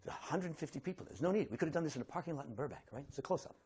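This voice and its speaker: Husky-voiced man telling stage anecdotes. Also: on the high side, very fast. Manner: animated, acts out voices of others in his stories. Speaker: actor telling stories. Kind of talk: anecdotal storytelling to an audience.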